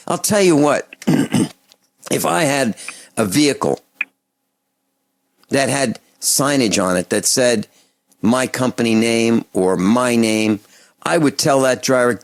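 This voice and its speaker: A man hosting a call-in radio talk show, delivering an impassioned, indignant rant that swings between loud outbursts and low muttering. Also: animated, slow pace, long pauses, dry recording.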